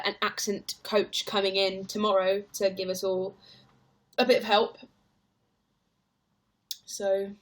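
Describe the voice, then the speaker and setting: On her livestream, a young stage actor talks casually in a mid-range, somewhat bright voice, wandering from topic to topic as she replies to comments and peppers her speech with "like."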